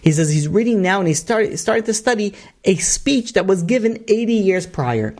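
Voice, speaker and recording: Rabbi telling a story. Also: male voice, high-pitched, lively intonation, moderate pace, a little mellow. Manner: rambling, many asides and restarts. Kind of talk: storytelling sermon.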